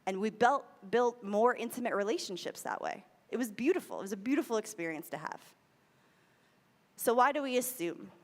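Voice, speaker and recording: A woman's voice: on the high side, lively intonation, a little fast, big-room sound. An American woman speaking at a spiritual center, giving a conversational sermon and repeating key phrases for emphasis. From United States. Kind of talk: sermon talk.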